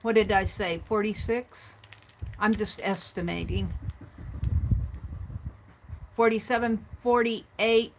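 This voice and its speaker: A woman vlogger casually chatting through her craft supply haul and tallying up prices out loud as she thinks. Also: mid-range voice, slow pace, pauses often, background noise.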